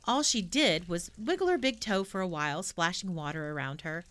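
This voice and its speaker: A woman reading a children's storybook aloud with an expressive delivery. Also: lowish voice, normal speed.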